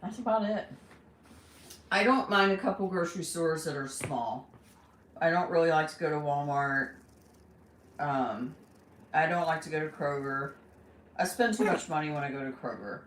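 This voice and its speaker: A woman's voice: low voice, animated, normal speed, long pauses, slight background noise. A woman chats on a casual live stream, switching to a coaxing pet voice for her bird. She sits back from the microphone in a reverberant room at home. Faint running water is heard behind her. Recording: roomy, distant mic, faint running water.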